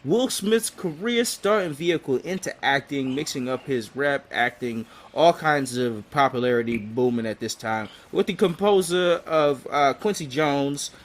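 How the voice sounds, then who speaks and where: A man's voice: mid-range voice, expressive, a little slow, few pauses. A man co-hosting a podcast, casually recapping a TV episode in a laid-back, slangy way and laughing often. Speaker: podcast co-host.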